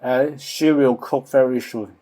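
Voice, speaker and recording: Slow, halting Hong Kong-accented man. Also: mid-range voice, steady tone, mellow. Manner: halting, repeats words, hums along. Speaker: English learner. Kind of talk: casual lesson talk.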